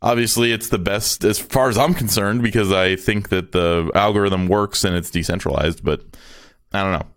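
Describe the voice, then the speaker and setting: Man, lowish voice, podcast co-host, laid-back, casual chat, laughs easily. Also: normal speed.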